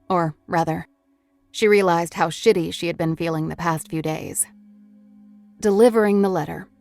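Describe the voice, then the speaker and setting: A woman narrating a novel in a steady, even storytelling voice. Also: medium pitch, dry recording. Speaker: audiobook narrator. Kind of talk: scripted narration.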